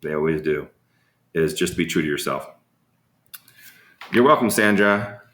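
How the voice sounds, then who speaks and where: His voice is very deep yet fairly bright, expressive and unhurried. He's the host of a casual live Q&A, recorded in an echoey room, where he answers viewers and spins meandering anecdotes full of fillers.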